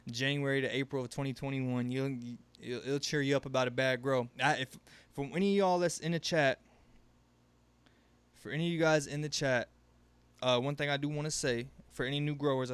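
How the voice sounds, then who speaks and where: Male stream host, casual and rambling, loose with profanity; smooth, resonant mid-pitched voice. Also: no room sound. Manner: laid-back, rambling, swears freely, laughs often. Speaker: livestream host. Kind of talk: casual live Q&A chat.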